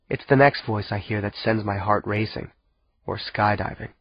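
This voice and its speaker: A man's voice: fairly low pitch, moderate pace, highs cut off. A man narrating an audiobook in the first person with tense storytelling.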